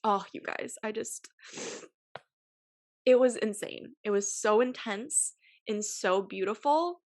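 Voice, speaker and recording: A young woman speaks close to the mic in a dry, dead room, her voice sitting at a middling pitch. She hosts a podcast and talks casually, with lots of "like", and she sighs often. Her voice trembles as she comes close to tears. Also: slow pace, darkish tone, no room sound. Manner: emotional, sighing, filler-heavy. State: tearful. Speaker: podcast host. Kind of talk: casual personal storytelling.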